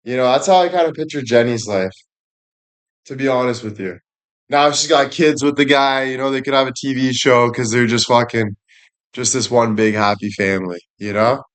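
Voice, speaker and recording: A man's voice: medium pitch, moderate pace, a bit bright. A young man hosting a casual livestream, rambling and joking crudely. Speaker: livestream host.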